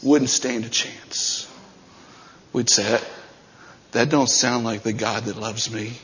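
A man preaching a sermon as pastor, swinging between shouted passages and quieter talk. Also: mid-range voice, fairly even intonation, slow, husky, lo-fi sound.

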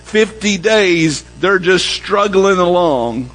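A man preaching a sermon, telling a story and dropping low and soft when he quotes the people in it. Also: lively intonation, slow, poor audio. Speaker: pastor.

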